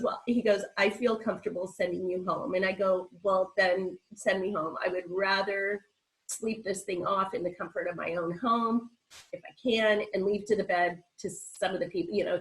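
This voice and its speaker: Her tone is steady and her pace moderate, with a medium pitch, though the recording is rough. She's a guest on a virtual meeting, congested and a bit breathless, recounting her own experience openly and quoting what people said.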